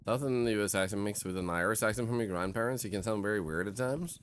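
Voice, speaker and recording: A Swedish man streams a game in English, rambling and joking with his chat in a casual way. He talks fast in a lowish voice, with slight background noise.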